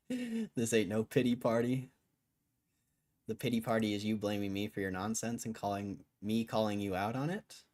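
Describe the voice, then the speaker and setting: A man's voice: lowish voice, big pitch swings, normal speed. A man on a live stream, arguing with his chat in a casual, cussing way, tired after hours on air. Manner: argumentative, swears, laughs between lines. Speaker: livestreamer.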